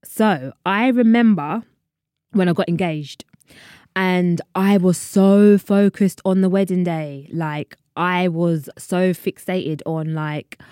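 A woman's voice: fairly low pitch, slow pace, dark tone, dry recording, clean studio sound. A woman, hosting her own podcast in a chatty, rambling way and laughing at her own asides. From London, England. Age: 30s. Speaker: podcast host. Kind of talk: casual solo podcast chat.

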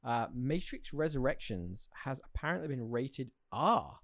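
A man co-hosting a casual podcast chat, talking quickly and laughing often. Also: medium pitch, big pitch swings, a bit bright, dry recording. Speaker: podcast co-host.

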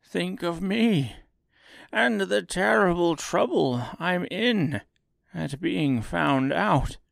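A man's voice: sits high, slow pace, vocal fry, dry recording, studio quality, pitched above the performer's own voice, full character voice. A man voicing a timid little old man posing as a great wizard, speaking meekly in a trembling voice. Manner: trembling, meek, pleading.

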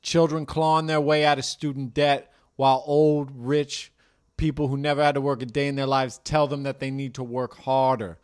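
Podcast co-host, adult male, playful riffing delivery, mid pitch. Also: little pitch movement, normal speed, clean tone. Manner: teasing, riffing banter. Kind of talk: casual chat.

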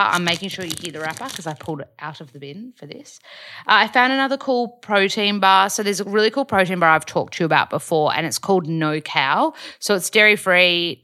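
For her video diary, a young Australian woman who vlogs and podcasts chats in a rambling, casual way about her routine. She has a lowish, bright, forceful voice with no room sound.

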